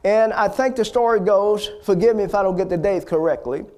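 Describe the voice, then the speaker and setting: High-voiced emphatic male preacher. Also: fairly quick. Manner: emphatic, builds to loud repeated exhortations; restarts and stammers between phrases. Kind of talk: sermon.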